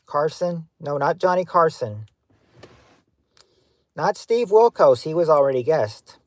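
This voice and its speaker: A man hosting a casual livestream game night, giving clues to players in a halting way, full of ums and restarts. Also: on the high side, big pitch swings, dry recording. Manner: halting, hunts for words with many fillers; gives clues to players, talks to chat.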